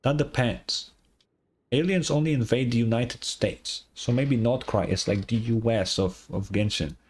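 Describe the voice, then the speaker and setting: A man's voice: medium pitch, unhurried, a little hiss or hum. A man streaming a game, reacting bluntly with swearing and laughter. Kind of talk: casual game commentary.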